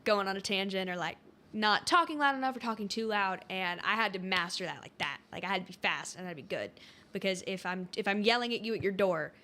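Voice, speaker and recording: A young woman talks at a brisk clip. Her delivery is chatty and self-deprecating, relaxed and conversational. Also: mid-range voice, a little hiss or hum. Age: young adult. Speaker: guest, young political volunteer. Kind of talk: casual studio talk.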